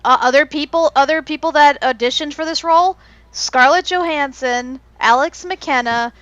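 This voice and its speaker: A woman co-hosts a podcast in easygoing conversation. Her voice sits a little high, and she shares trivia with plenty of fillers. The mic sound is dry and close. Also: moderate pace, a bit bright, dry recording, muffled recording. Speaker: podcast co-host. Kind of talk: casual chat.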